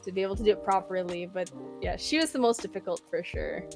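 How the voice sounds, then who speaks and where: A young woman chatting as a podcast guest, telling stories in a lively way with many fillers. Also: mid-range voice, fast talker, vocal fry, music in the background. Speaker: guest content creator. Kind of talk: casual podcast chat.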